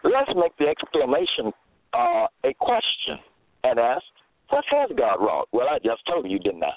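Preacher guy lecturing, keeps asking "okay?", pitch jumps all over, dry tinny phone sound. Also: huge pitch swings, moderate pace, no echo. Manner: didactic, asks the listener rhetorical questions. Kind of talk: radio-style sermon.

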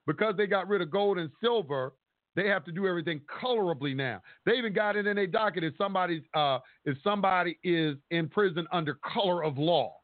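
A high-pitched man rants on a talk-show call-in, profane and emphatic as he rambles along. The phone line sounds tinny and dry, with no echo.

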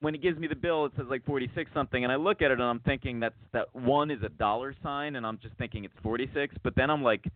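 A man's voice: mid-range voice, fast talker, few pauses, no echo. Guy hosting a podcast, rambly chatty storyteller, tinny dry phone sound. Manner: rambling, lots of restarts, acts out quotes. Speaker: podcast host. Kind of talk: casual storytelling chat.

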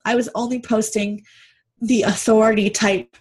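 A woman's voice: a little high, moderate pace. A woman guest from Canada, a mother and business owner, speaking candidly and earnestly in a casual podcast conversation.

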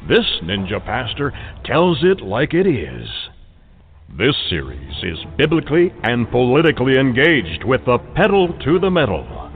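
A man reading a scripted, dramatic intro for a talk show as its announcer. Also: medium pitch. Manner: emphatic, dramatic announcer delivery. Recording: tinny phone-like audio with music bed.

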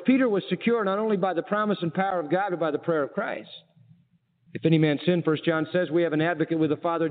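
A high-pitched man preaches with emphatic repetition and rhetorical questions. The recording is thin and phone-like, and his voice rings with a long hall echo. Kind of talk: sermon. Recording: tinny narrow-band archive sermon with long hall reverb.

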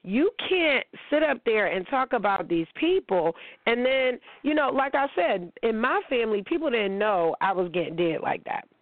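A woman's voice: on the high side, very animated, normal speed, hardly any pauses, dry recording. A woman hosting a casual relationship-advice monologue, blunt, emphatic and full of swearing. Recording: tinny phone-like, dry sound.

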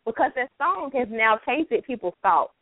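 A woman's voice: on the high side, sing-song, normal speed, dry recording. Giggly lady cohost chatting, voice jumps all over, tinny phone sound. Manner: giggly, laughs often. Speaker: radio show co-host. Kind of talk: casual chat.

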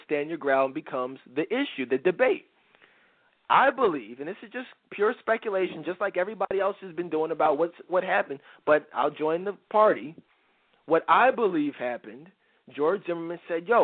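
A man with a fairly high voice hosts a talk radio show, holding forth in a blunt, slang-heavy monologue aimed at his listeners. The sound is dry and narrow, like a phone line. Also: dry recording.

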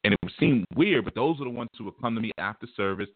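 A man hosting an online radio talk show, talking in an animated, emphatic way and repeating words as he starts his thoughts. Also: mid-range voice, quick pace, no room sound. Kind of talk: casual talk show monologue. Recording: dry, tinny phone line.

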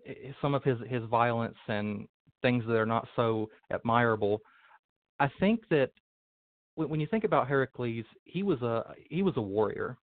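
A man's voice: mid-range voice, no room sound. Man, interview guest, earnest, repeats words, tinny phone line, dry sound. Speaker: interview guest, Hellenic practitioner. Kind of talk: explanatory interview answers.

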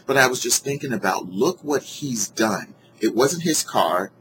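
A man casually telling a personal story to his viewers, earnest and heartfelt, animated when he retells what people said. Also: medium pitch, a little slow, background noise. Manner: animated, acts out quoted dialogue in a raised voice; earnest and heartfelt about gratitude. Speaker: vlogger sharing a personal story.

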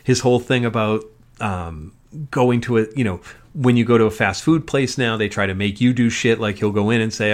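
A man's voice: fairly low pitch, normal speed. Rambling, profane male podcast host. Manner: rambling and profane, with frequent ums. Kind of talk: solo podcast monologue. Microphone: podcast mic.

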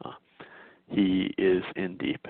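A man's voice: sits low, completely flat delivery, slow, gravelly, no room sound. A male host giving an insistent political commentary monologue, full of stammering restarts. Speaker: talk show host. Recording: dry tinny phone-like sound.

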